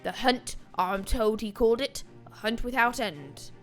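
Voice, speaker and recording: A woman reading aloud a grim male soldier's account of a lost war from a game, in her own voice with halting pauses. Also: fairly high pitch, animated, a bit bright, faint music behind. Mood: grave.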